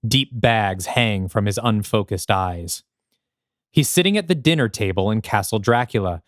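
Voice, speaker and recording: A man co-hosting a podcast, reading aloud a screenplay he wrote in steady, descriptive narration. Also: lowish voice, no echo, clean studio sound. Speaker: podcast co-host.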